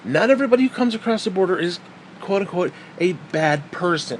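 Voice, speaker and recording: A man's voice: high-pitched, lively intonation, a little fast, slight background noise. Profane sarcastic man ranting heatedly. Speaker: vlogger.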